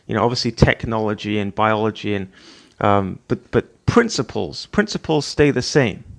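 A middle-aged man, the host, giving an earnest motivational talk, repeating his points and now and then acting out what a scolding parent says. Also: medium pitch. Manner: earnest, repetitive, acts out scolding parent voices. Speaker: podcast host. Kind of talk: motivational monologue.

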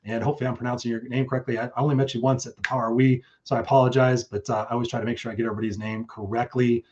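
A man's voice: medium pitch, level tone, rapid-fire, darkish tone, dull audio. A man hosting his own live stream, talking casually and effusively with some swearing, and reading out chat comments. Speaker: host.

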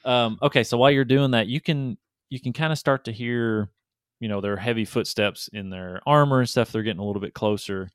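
A man's voice: mid-range voice, a little fast, clear, resonant tone, no room sound, studio quality. A man, running a tabletop game and recapping the last session in a loose, rambling way. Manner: rambling, filler-heavy recap. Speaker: game master.

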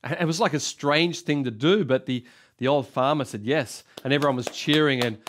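A man in his sixties with an Australian accent preaching a sermon, emphatic and repetitive, swinging between loud and soft. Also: medium pitch, a little fast. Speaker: pastor.

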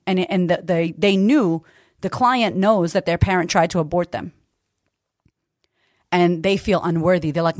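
A woman's voice: fairly low pitch, dry recording, clean studio sound. A woman hosting a podcast, giving an emphatic, profane motivational talk. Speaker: podcast host. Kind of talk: motivational monologue.

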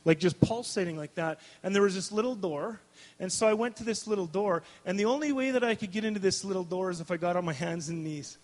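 High-voiced man preaching in a hall. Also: fast. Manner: animated, laughs often, restarts sentences. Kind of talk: storytelling sermon. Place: large hall before a live audience. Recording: long hall reverb.

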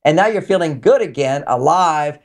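A man's voice: on the high side, expressive, normal speed. A man being interviewed as a relationship author, talking casually and explaining his ideas through anecdotes.

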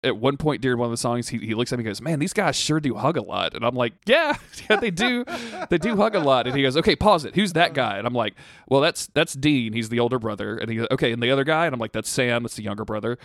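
A man's voice: mid-range voice, rapid-fire, few pauses, dry recording, studio quality. A young man co-hosting a podcast, telling a story in casual chat and acting out the quotes. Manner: animated storytelling, acts out quotes. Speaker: podcast co-host.

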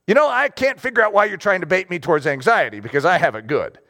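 Male pastor, sermon; high voice that swings widely, casual and animated, keeps asking "okay?". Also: fast talker, creaky. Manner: animated, conversational, checks in with "okay?".

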